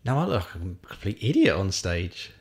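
An English man hosting a casual podcast chat, his talk quick and full of playful banter. His voice sits in a middle range but swings about lively. He keeps things moving with questions and jokes. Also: lowish voice.

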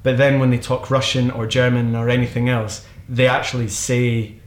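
A man's voice: medium pitch, little pitch movement, normal speed, slight background noise. A man co-hosting a podcast, chatting casually in an opinionated, playfully sarcastic way. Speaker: podcast co-host. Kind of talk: casual chat. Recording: roomy echo.

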